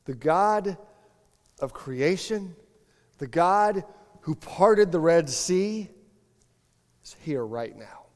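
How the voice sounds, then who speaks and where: A man's voice: fairly high pitch, drawn-out words, pauses often. Man preaching in a reverberant hall. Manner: conversational, animated, acts out biblical dialogue. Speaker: pastor. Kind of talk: sermon. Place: church sanctuary.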